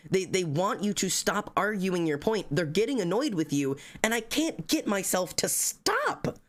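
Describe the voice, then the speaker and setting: A man's voice: high-pitched, very animated, a little slow, fairly bright tone. A man venting to his livestream chat in a rambling, self-critical rant, swearing heavily and restarting his sentences often.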